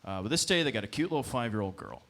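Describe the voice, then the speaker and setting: A man's voice: on the low side, lively intonation, rapid-fire, a bit bright. A young man telling a loose, profane stand-up story on a comedy club stage into a handheld mic.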